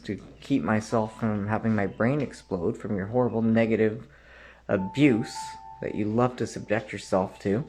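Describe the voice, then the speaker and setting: A man delivering an angry, profane rant straight to the listener, often clearing his throat and rising to shouts. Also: on the low side. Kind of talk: angry direct-to-camera rant.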